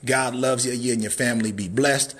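A man's voice: mid-range voice, steady tone, brisk, a bit bright. A man hosting a live cabin sales walkthrough, a hyped, catchphrase-heavy showman who whoops and throws in drawled "baby" asides. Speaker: cabin salesman and livestream host.

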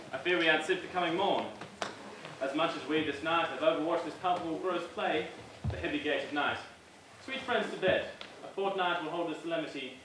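A man's voice: on the high side, background noise, lightly acted. An actor playing a noble duke who declaims courtly verse as he dismisses the players. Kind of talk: stage play performance. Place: theatre stage. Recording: very echoey stage sound from far off.

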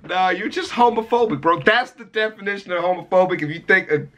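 A man's voice: high voice, fairly quick, a bit bright. A man hosting a reaction video, talking crudely and laughing as he mocks clips. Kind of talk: casual reaction commentary.

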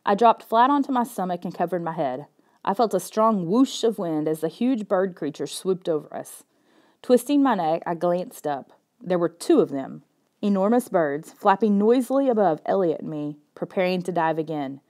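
A woman narrating a children's chapter book aloud in a soft, measured storytelling manner. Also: lowish voice, lively intonation. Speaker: audiobook narrator. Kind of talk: scripted narration.

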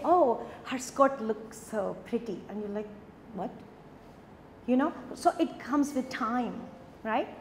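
Pakistani woman professor, middle-aged, high voice, animated lecturing, roomy hall sound. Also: a little hiss or hum. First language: Punjabi and Urdu. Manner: animated storytelling, emphatic repetition. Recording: echoey lecture hall, faint ambience.

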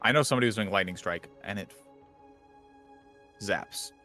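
A man hosting a casual gaming podcast, rambling and animated, swearing casually. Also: fairly low pitch, normal speed, soft background music. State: out of breath. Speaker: podcast host.

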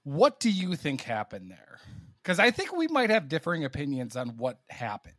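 A man co-hosting a sports podcast, chatting casually in an animated way that is full of stammered restarts. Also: fairly high pitch, normal speed, no echo, studio quality. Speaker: podcast co-host.

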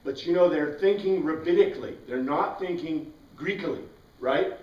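High-voiced man teaching a class from afar. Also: normal speed. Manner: asks the class questions and answers them himself. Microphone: far from the mic. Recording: roomy, distant, dull classroom recording.

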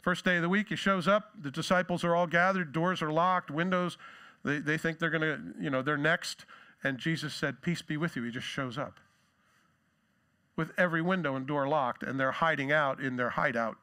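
A man's voice: normal speed, sharp tone, smooth. A man preaching a sermon in a conversational way, with jokes and asides, acting out the quoted lines with energy. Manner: acts out quoted lines with rising pitch and force. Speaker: pastor.

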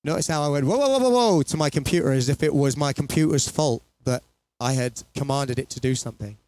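A man's voice: medium pitch, steady tone, brisk, a little mellow, no echo. A man chatting casually and rambling between songs as he performs for an online audience from his small home studio. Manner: rambling, chatty, laughs at himself.

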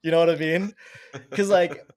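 A man in his thirties from Canada, a podcast guest telling stories in casual chat, animated and cursing freely. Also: fairly high pitch, moderate pace. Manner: animated, swears casually, acts out quotes. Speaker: podcast guest, Olympic speed skater. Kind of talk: casual storytelling.

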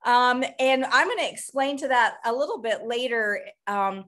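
A middle-aged woman hosts a motivational group coaching call. Her voice sits high, and her talk is upbeat and rambling, breaking into quick bursts. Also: expressive, fairly bright tone.

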